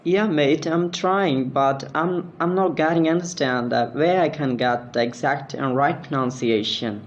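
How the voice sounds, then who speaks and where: A man's voice: fairly high pitch, unhurried, muffled recording, slight background noise. A man voicing a confused young male learner. He speaks in hesitant, broken phrases.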